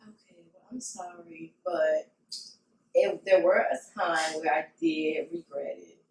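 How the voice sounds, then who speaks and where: A woman co-hosting a podcast in casual chat, telling personal stories in an expressive, animated way. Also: low-pitched, takes it slowly. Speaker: podcast co-host. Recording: roomy sound, mic at a distance.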